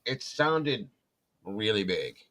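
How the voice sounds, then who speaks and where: A man with a low voice that swings widely as he talks, telling a casual story and acting out the people in it. He jumps up into quoted voices and then drops back down into relaxed chat. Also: takes it slowly. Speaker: co-host.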